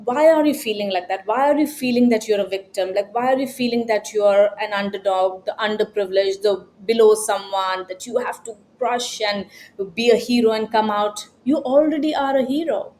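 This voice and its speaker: A woman's voice: mid-range voice, normal speed, a little mellow, a little hiss or hum. A woman self-help coach giving an emphatic, scolding motivational talk, repeating her points. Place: New York.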